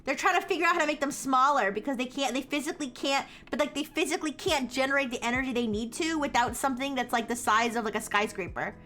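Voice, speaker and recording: A woman streamer chatting casually to her viewers, rambling with lots of filler words and quick laughs. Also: high voice, bright, forceful tone. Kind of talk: casual live-stream chat.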